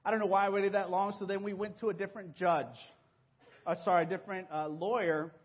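Man from Mexico, high voice, animated church testimony, dull lo-fi recording. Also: quick pace. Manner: animated storytelling, acting out voices and exclamations. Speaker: church member giving a testimony. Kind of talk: personal testimony to a congregation.

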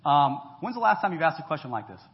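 A man preaching a conversational sermon, lively and joking as he talks straight to the congregation. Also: on the high side, fast. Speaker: pastor. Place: church hall. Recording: echoey hall, dull lo-fi sound.

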